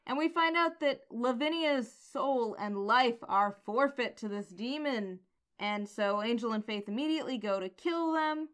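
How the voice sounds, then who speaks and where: Playful female podcast co-host, higher voice. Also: unhurried, fairly bright tone, clean tone. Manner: playful, amused, quotes characters in a light voice. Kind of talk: casual chat recapping comics.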